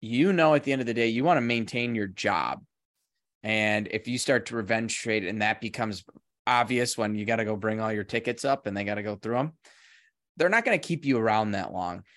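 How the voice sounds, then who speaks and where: A man hosting a podcast in casual chat, an animated storyteller who speaks in quick bursts. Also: on the low side, no echo, studio quality. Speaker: podcast host.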